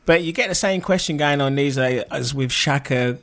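A man co-hosting a casual football podcast, easygoing and full of questions. He speaks at an ordinary, mid-range pitch. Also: normal speed, a bit bright.

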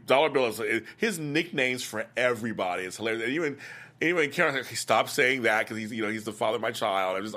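An older man hosting a soap opera after-show, recapping episodes in casual, animated chat and acting out characters' lines. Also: mid-range voice. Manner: chatty, animated, laughs often, acts out lines. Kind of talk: casual recap chat reading viewer comments.

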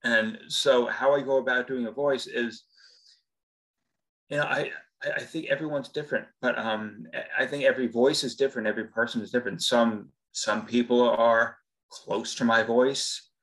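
A man's voice: medium pitch, steady tone, moderate pace, fairly bright tone, rough recording. A man who works as a voice actor, a podcast guest explaining his craft in a thoughtful, earnest way. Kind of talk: casual interview chat.

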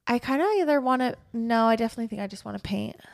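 A woman's voice: a little high, rapid-fire, darkish tone. A woman co-hosting a podcast in casual, chatty conversation, upbeat and full of "like". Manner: chatty, upbeat, says "like" often. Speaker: podcast co-host. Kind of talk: casual chat.

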